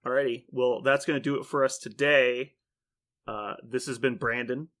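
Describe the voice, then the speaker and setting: A man hosting a podcast in casual chat, an animated storyteller who rambles with lots of "like" and laughs often. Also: mid-range voice, moderate pace. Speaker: podcast host.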